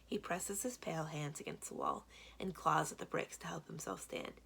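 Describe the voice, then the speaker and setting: A woman, a children's librarian, reading a children's book aloud in steady first-person storytelling. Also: deep voice, moderate pace, creaky, slightly rough.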